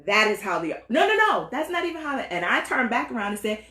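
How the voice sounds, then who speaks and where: Animated woman telling a story, roomy sound. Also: a little high, fast talker. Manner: animated, insistent storyteller, laughs often. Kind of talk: casual storytelling chat.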